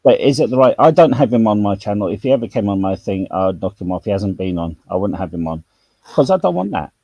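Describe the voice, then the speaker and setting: Blunt man, low and mellow. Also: expressive, fast talker, no echo, muffled recording. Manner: blunt, jokey, slips into Cockney slang. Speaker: YouTube channel host. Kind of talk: casual online chat.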